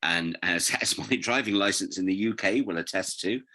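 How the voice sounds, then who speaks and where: A middle-aged British man chatting in an interview, telling rambling, animated stories and drifting off on tangents. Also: deep voice, normal speed. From Britain. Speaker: guest. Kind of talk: casual interview chat.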